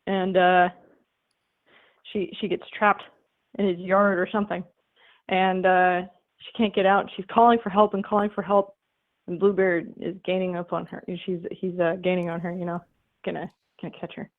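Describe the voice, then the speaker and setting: A woman's voice: fairly low pitch, little pitch movement, moderate pace. A woman calling in to a comedy show, rambling through a retold fable with lots of fillers and casual swearing. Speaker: caller. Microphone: telephone. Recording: tinny phone line.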